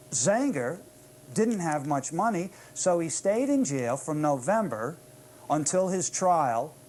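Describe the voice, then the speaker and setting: A man's voice: fairly high pitch, a little mellow. An older man hosting a public access show, delivering a combative, sarcastic monologue full of rhetorical asides. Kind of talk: ranting monologue. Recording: old public access tape.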